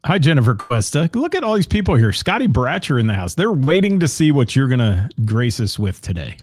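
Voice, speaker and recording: A man's voice: mid-range voice, sing-song, a little fast, breathy edge, dry recording. A middle-aged man from Ohio, co-hosting a casual live-streamed chat from home and greeting viewers by name. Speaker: co-host of a live-streamed talk show.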